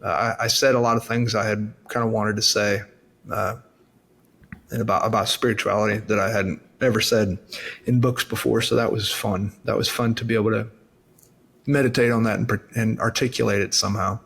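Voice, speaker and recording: A man's voice: lowish voice, level tone, a little fast, vocal fry, fairly bright tone, husky. A man, a guest author telling stories in a folksy, earnest and self-deprecating way. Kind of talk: casual interview chat.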